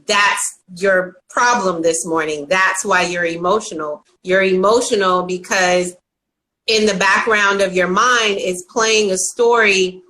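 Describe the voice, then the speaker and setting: A woman's voice: mid-range voice, steady tone, a little slow, pushed and bright, poor audio. A woman hosting a casual live video interview, telling stories earnestly and acting out the voices in them. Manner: earnest storytelling, acts out voices with animation. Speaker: host of a live interview show.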